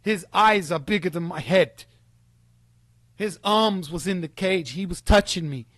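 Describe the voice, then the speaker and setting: Man, fiery sarcastic callout rant, slightly high voice, dry close sound. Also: measured pace, a bit bright, no room sound. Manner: heated, profane, sarcastic, mocking. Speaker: streamer calling out a rival.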